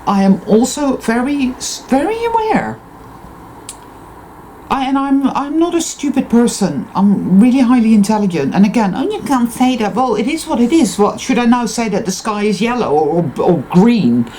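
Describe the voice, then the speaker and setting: A woman talks in an intense, emphatic monologue that swears freely. Her pitch swings widely, and her tone stays mellow and warm. Faint noise sits behind her. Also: very animated, moderate pace, low-quality recording. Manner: emphatic, intense and profane self-affirmation. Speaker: spiritual vlogger. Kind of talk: unscripted personal monologue.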